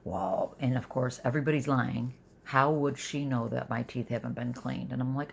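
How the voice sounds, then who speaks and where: Gravelly middle-aged woman venting. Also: rumbling low, flat delivery, moderate pace, hardly any pauses, slight background noise. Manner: rambling, confessional, drops to near-whispers. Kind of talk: casual personal vlog, venting. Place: sitting in bed at home.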